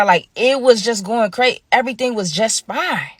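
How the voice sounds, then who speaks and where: A woman vlogger recounts a storytime in a casual, slangy way, talking straight to her viewers. Her voice sits at a middle pitch, recorded close and dry with no room sound. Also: normal speed, hardly any pauses, fairly bright tone, no room sound. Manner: chatty, slangy, addresses viewers directly.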